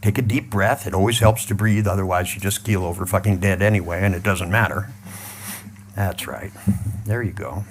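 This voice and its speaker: Guy with a lowish voice coaching a crowd through a head exercise, swears a lot, keeps saying the same calm cues. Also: moderate pace, slight background noise. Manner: blunt, profane, repeats soothing cues. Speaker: seminar trainer. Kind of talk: guided mental exercise before an audience.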